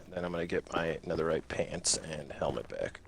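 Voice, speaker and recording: A man's voice: a bass voice, very animated, brisk, gravelly, slight background noise. A man hosting a casual gaming stream, joking crudely and swearing freely. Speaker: streamer host.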